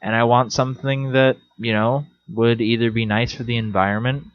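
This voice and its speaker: A young man co-hosting a podcast in casual chat, rambling and joking, now and then jumping into high silly voices. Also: steady tone, normal speed, dry recording. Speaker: podcast co-host. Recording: slightly dull lo-fi sound.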